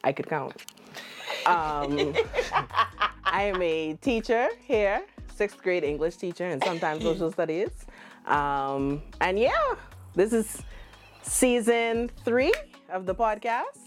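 Low-voiced Bahamian woman hosting a podcast. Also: takes it slowly, soft background music. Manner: teasing, playful, animated. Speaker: podcast host. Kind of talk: casual podcast chat.

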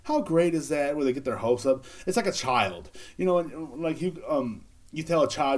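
A man's voice: on the high side, animated, moderate pace, hardly any pauses. A man hosting a casual solo podcast, rambling and joking with lots of swearing and filler words. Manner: rambling, joking, profane, laughs at own bits. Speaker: podcast host.

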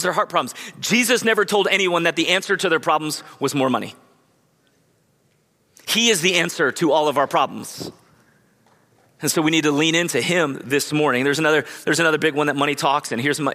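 A man pastor preaching a conversational sermon, with lively acted-out quotes. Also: on the high side, in a large hall. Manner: energetic, conversational, acts out quotes. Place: church sanctuary.

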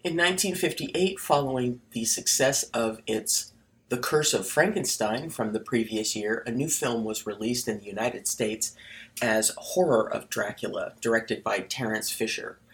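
A man co-hosting a podcast, who reads a passage aloud and then chats in an unhurried way, with lots of fillers and wry asides. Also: medium pitch. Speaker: podcast co-host. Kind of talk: casual chat and reading aloud.

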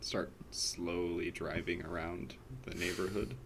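A man's voice: low-pitched, fairly even intonation, measured pace, creaky, a bit bright, slight background noise. A man playing a tabletop role-playing game, speaking casually. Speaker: player.

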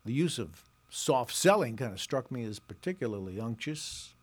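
A man in his sixties, a reporter hosting a scripted commentary show, talking in a sarcastic and wry way and mocking the pitches he reads aloud. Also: very animated, moderate pace, husky. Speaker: reporter and podcast host.

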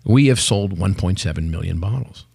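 A man in his sixties talks fast and emphatically, like a seasoned pitchman telling a story. His voice is low and gravelly with some fry. The sound is close and dry. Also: no room sound. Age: 60s. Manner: animated storyteller, salesman-like, emphatic. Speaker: podcast guest, company CEO. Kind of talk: casual interview chat.

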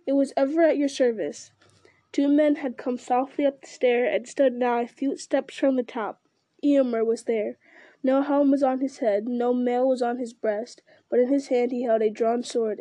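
Read-aloud narrator, female, steady and earnest, slightly higher voice. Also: normal speed, no room sound. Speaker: reader.

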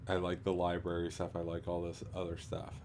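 A podcast co-host rambles through a casual chat in a low, monotone voice with a darkish tone, halting often and leaning heavily on fillers, restarts, and frequent laughs. A little hiss or hum can be heard.

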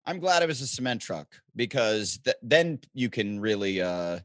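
A man from the Midwest telling stories as a guest, animated and joking in casual chat. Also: lowish voice, no echo. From American Midwest. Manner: animated storyteller, joking, quick asides.

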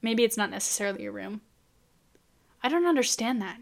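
A woman's voice: fairly high pitch, expressive, brisk, vocal fry. Chatty, incredulous young woman vlogger. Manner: chatty, incredulous, rhetorical questions. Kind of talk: casual chat to camera.

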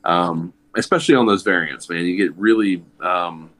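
A man's voice: deep voice, normal speed, a bit bright. A man chatting casually as a guest who wrote a zine, talking in loose, rambling sentences full of fillers and restarts. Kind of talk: casual chat.

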